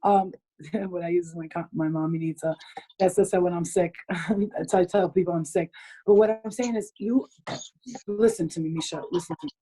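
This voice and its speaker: A woman's voice: fairly low pitch, steady tone, normal speed, dark tone, poor audio. A woman hosting a group video call, giving blunt advice in casual chat, swearing freely and laughing often.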